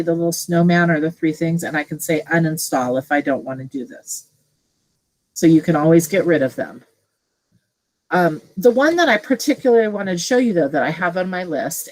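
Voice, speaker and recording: Middle-aged woman trainer, low-pitched, casual and chatty, screen-share tutorial. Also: rough recording. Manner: casual, chatty, thinking aloud with fillers. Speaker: teacher leading a tech training session.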